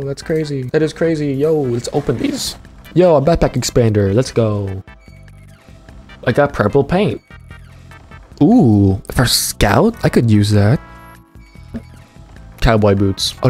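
A young gaming streamer opens game cases while cracking jokes in casual commentary. He's excitable and swears, and his mid-range voice jumps up whenever he gets hyped.

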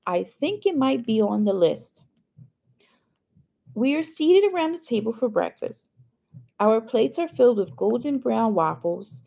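A woman's voice: on the high side, creaky, darkish tone. A woman reading a novel chapter aloud in first person, adding chatty asides to her listeners. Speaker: reader.

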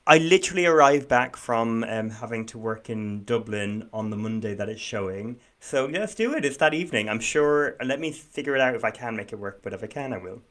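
A man's voice: lowish voice, a little fast, hardly any pauses, fairly bright tone. Jokey, self-deprecating male co-host. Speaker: podcast co-host guessing in a quiz. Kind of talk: casual chat.

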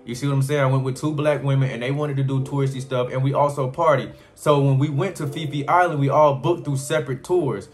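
Animated man telling a travel story. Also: medium pitch, fast talker, hardly any pauses, faint music behind. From California. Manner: animated, rambling, slangy storytelling. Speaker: travel vlogger. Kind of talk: casual storytelling vlog.

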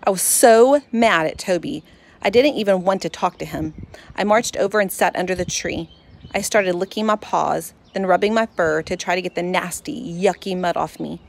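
A woman's voice: on the low side, normal speed, creaky. Woman reading a children's storybook aloud. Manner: expressive first-person storytelling. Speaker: narrator. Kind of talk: children's audiobook narration.

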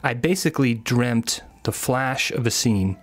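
A man's voice: medium pitch, measured pace, music in the background. A man hosting a podcast, telling a scripted story in a wry, self-mocking way. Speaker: podcast host.

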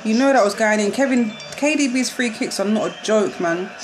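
A young woman reacting live to a football match, excitable and quick to shriek and laugh. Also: a little high. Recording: loud crowd noise behind. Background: crowd noise from the match broadcast.

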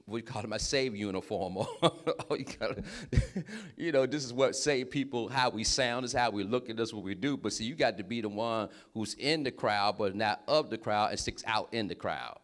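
A man preaching a sermon in a lively, conversational way, breaking in with short affirmations and laughing as he talks. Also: mid-range voice, moderate pace. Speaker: pastor.

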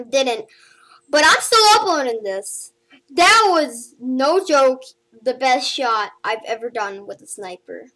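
A woman streamer talks through her gameplay in a casual, chatty way. Her voice sits high. She is excitable and breaks into shouts and squeals when something goes her way. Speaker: gaming streamer.

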